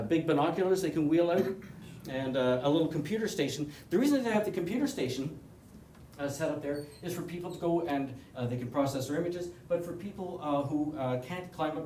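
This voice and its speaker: A man's voice: mid-range voice, dark tone. Chatty Canadian man presenting in an echoey hall. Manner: chatty, rambling, with frequent restarts and joking asides. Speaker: presenter at an astronomy club meeting. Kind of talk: casual hands-on presentation. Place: meeting room. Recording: echoey room, voice from far off, faint hiss.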